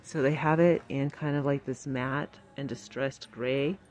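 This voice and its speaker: A woman vlogging as she shops in a large store, talking excitedly and chattily about prices on a handheld phone. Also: rumbling low, a little slow. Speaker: shopping vlogger. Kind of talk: casual shop-with-me commentary.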